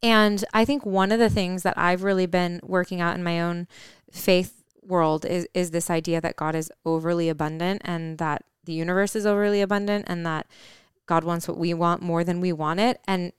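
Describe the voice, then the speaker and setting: A woman in casual conversation, thinking aloud candidly and often pausing with fillers. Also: lowish voice, fairly even intonation, clear, resonant tone, no echo, clean studio sound.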